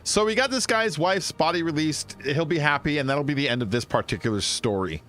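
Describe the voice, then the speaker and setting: A man's voice: on the high side, expressive, brisk, fairly bright tone, soft background music. A man casually commenting on a video game as he plays, chatty and rambling. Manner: chatty and rambling, with frequent fillers and laughs. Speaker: gaming streamer. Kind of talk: casual let's-play commentary.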